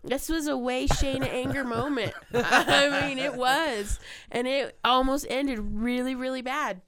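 A woman hosting a podcast, telling a story in casual chat, animated and profane, laughing often. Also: sits high, measured pace, a crowd in the background. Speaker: podcast host.

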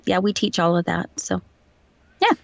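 A woman's voice: lowish voice, very animated, moderate pace, creaky, dry recording, muffled recording. A woman voice actor chatting in an interview, telling anecdotes and laughing easily. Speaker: voice actor guest. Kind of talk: casual interview chat.

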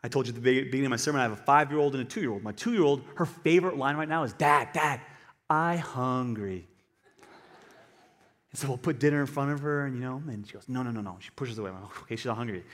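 A male pastor giving an animated sermon, swinging between quiet asides and loud emphatic bursts. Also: mid-range voice, very fast, few pauses. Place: church hall. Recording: long hall reverb.

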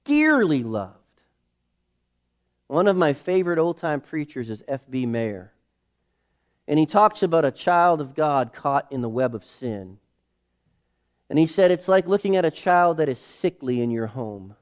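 A middle-aged male pastor preaching a sermon to his church, building to emphatic calls and dropping into hushed asides. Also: lively intonation, normal speed, clean tone. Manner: preaching with emphatic rises, drops to low acted inner voices.

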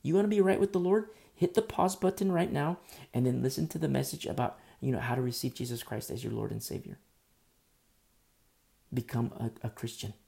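Guy preaching with a sore throat, gravelly and earnest, repeats himself for emphasis. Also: medium pitch, a little fast, warm tone. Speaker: pastor. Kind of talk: sermon.

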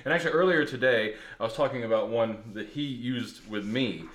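A man from the US Deep South hosting a podcast, laughing, rambling and self-mocking as he introduces a play reading. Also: brisk, fairly bright tone. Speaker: podcast host. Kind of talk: casual chat and play introduction. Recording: roomy echo.

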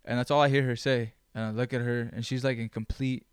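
Male podcast host, casual chat, smooth resonant voice, dry close sound, blunt and profane. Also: mid-range voice, a little fast, no room sound. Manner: blunt, swears often, animated storytelling.

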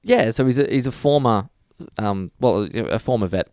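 A man's voice: mid-range voice, moderate pace, a little mellow, no echo, studio quality. A man co-hosting a podcast, reading listener mail in casual chat, laughing and swearing freely. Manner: laughs often, swears freely, slips into voices. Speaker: podcast co-host.

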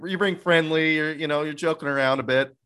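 A laid-back man hosting a casual interview show. His voice is bright and a little high, and he talks in an easygoing way. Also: steady tone, fairly quick, clean tone. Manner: laid-back, says "right on" often. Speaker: podcast host.

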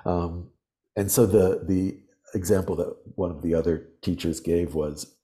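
A man talking as a podcast guest, explaining ideas in earnest, animated storytelling. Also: low voice, measured pace. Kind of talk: reflective interview talk.

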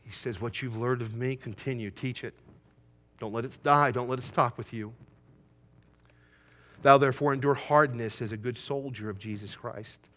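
Middle-aged man, pastor, bright ringing tone, preaches with loud emphatic build-ups, folksy storyteller. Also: mid-range voice, fairly even intonation, normal speed, pauses often. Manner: folksy storytelling, quoting his son. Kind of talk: sermon.

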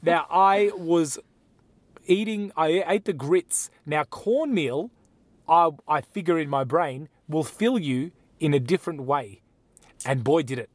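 An Australian man tells a casual travel story on a podcast and pokes fun at himself. His voice sits a bit high for a man. The recording is dry and close. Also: lively intonation, unhurried, no echo. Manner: storytelling, self-mocking. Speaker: podcast co-host.

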